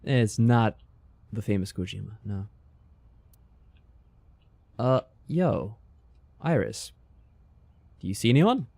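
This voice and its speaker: A man's voice: lowish voice, slow, creaky, long pauses, dry recording. Playful man streaming a game. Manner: playful and animated, reacting aloud. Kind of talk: casual let's-play chat.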